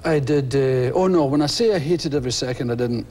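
A Scottish man, a guest comedian, telling animated stories on a talk show and acting out voices and crowd shouts. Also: medium pitch, brisk. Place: television studio.

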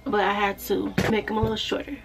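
Speaking quickly in a level, gravelly medium-pitched voice, a lash tech vlogger chats loosely and playfully with viewers like they're friends, keeping the overall feel easy. Her voice stays in an ordinary middle range. Background noise and faint room ambience are audible.

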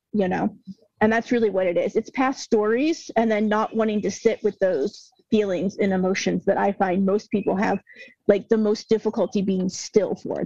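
A woman guest talks earnestly in a warm, mellow voice, her words flowing in a relaxed conversational way. The sound is dry and a little dull, like a lo-fi call recording. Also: medium pitch, vocal fry, no echo. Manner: earnest, retells client dialogues. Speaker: herbalist guest. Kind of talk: casual interview talk.

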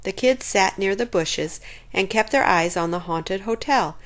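A woman reading a children's chapter book aloud in an expressive, lively way. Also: mid-range voice, unhurried. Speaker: storyteller.

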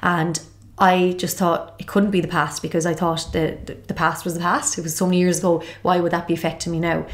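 A woman's voice: lowish voice, little pitch movement, brisk. A woman in her thirties from Galway with an Irish accent, openly telling her own story as a podcast guest in a reflective way. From Galway, Ireland. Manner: reflective, open, lots of "like" and "kind of". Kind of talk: candid personal storytelling.

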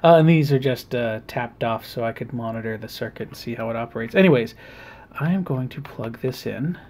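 A man talks through a homemade electronics project in a relaxed demo. He pauses often and fills the gaps with small hesitations. He is speaking at a mid pitch. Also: a little hiss or hum. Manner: halting, many pauses and fillers. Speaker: hobbyist maker. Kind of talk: casual demonstration.

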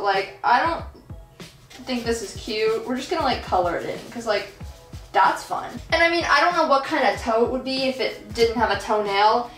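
A young woman vlogger chatting casually while she paints, rambling and giggly, filling her talk with "like". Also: on the high side. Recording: echoey room with soft background music.

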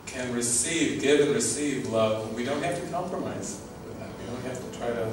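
A man's voice: medium pitch, normal speed. A man giving an informal spiritual talk as a teacher, earnest and often laughing, repeating his words. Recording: echoey, distant mic with background noise.

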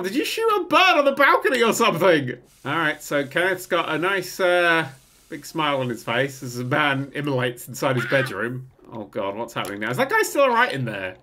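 A man talks over his gameplay with a bright, forward tone. His pitch swings widely from low mutters to high yelps. He is excitable and swears freely. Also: fairly quick, a little hiss or hum. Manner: excitable, swearing, bursts into laughter. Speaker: gaming channel host. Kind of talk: game commentary.

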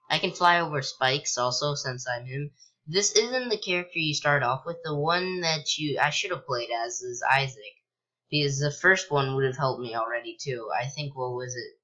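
A young man casually commentating a video game he's playing, rambling with lots of ums and likes and sudden excited yelps. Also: medium pitch, unhurried, highs cut off. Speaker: gameplay commentator. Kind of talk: casual let's-play commentary.

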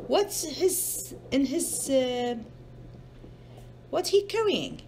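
A woman with a fairly high voice reads a picture book aloud to her child, slowly and patiently. She pauses often to coax answers out of the child, speaking simple non-native English. Her pitch swings widely as she acts out the story, with a faint hiss in the background. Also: lively intonation, darkish tone. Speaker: parent reading to a child.

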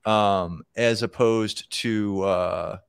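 A man's voice: on the low side, fairly even intonation, extremely slow, creaky, clear, resonant tone, no room sound, studio quality. A man co-hosting a casual live show about programming, talking loosely with many fillers and restarts. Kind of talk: casual live-stream chat.

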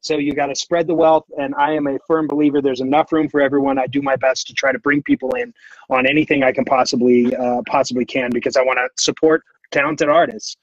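A man's voice: medium pitch, quick pace, no room sound, lo-fi sound. Chatty man telling a rambling story. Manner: rambling, full of fillers and restarts. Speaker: podcast guest, artist. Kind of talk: casual storytelling.

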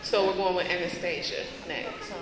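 A woman's voice: on the low side, moderate pace. Woman emcee, casual announcer with some fillers; reverberant hall with a long tail and an audience. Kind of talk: event announcements. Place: large school hall with audience. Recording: echoey hall, crowd behind.

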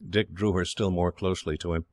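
A man reading an audiobook in steady, measured scripted narration. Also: deep voice, no room sound.

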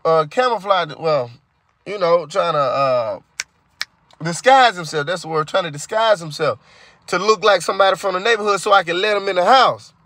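Speaking at a normal pace in a high-pitched, bright, forceful voice, a video creator describes a dream he had. He talks casually and emphatically, like giving testimony, repeating lines for effect and wandering into preachy asides.

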